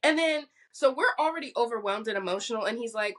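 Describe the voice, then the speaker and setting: A young woman co-hosting a podcast, telling animated, profane stories in casual chat and mimicking other people's lines. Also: on the high side, fast, hardly any pauses. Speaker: podcast co-host.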